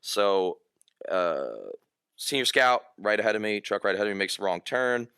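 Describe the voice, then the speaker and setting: A retired American army officer, a guest on a podcast, telling a war story in a halting way with many fillers and restarts. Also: male voice, lowish voice, lively intonation, creaky, fairly bright tone, clear, resonant tone, no echo, studio quality. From United States.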